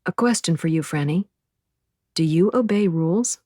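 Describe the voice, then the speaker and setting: A woman's voice: lowish voice, expressive, normal speed, mellow, dry recording, clean studio sound. A woman voicing a playful young man with an American accent.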